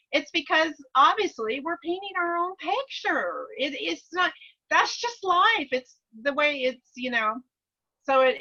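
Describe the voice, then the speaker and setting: A woman's voice: high-pitched, sharp tone, highs cut off. A woman sharing her story eagerly on a group video call, rambling with restarts and laughing often. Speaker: course participant.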